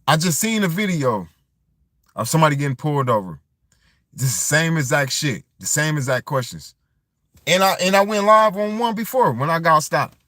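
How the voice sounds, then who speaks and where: A man's voice: fairly high pitch, lively intonation, moderate pace, bright, forceful tone, dry recording, studio quality. A man talking in a loose, rambling vlog monologue, circling back and restarting his thoughts as he goes. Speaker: vlogger. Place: tent.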